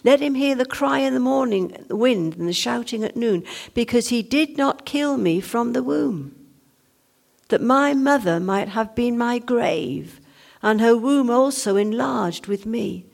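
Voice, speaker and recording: A woman preaching a sermon, speaking earnestly and slowing down to read scripture passages aloud. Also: on the high side, animated, creaky. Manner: earnest, reads scripture aloud with slowed emphasis.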